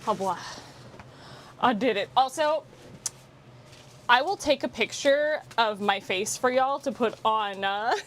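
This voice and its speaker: A bubbly, playful woman streams from home, her voice sitting a little high. She chats loosely on a wireless mic, swearing now and then, with a faint steady hum underneath. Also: slow pace, long pauses, low-quality recording. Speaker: streamer and voice actress. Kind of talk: casual live-stream chat. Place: home, in a pouring tent and around the house. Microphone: wireless mic on a receiver.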